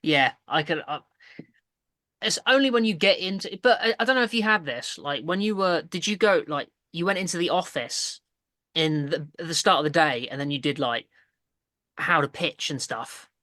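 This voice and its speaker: Bright-voiced podcast host. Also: male voice, fairly high pitch, animated, normal speed, dry recording, clean studio sound. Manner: rambling, laughs often, many restarts. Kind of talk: casual chat.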